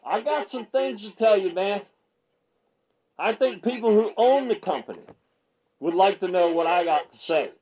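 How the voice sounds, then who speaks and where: Male host, husky, high and animated, excitable rambling reaction rant. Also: normal speed, long pauses, rough recording. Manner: fired-up, ranting, repeats himself, stammers when excited. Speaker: MMA media commentator and channel host. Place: small home video set.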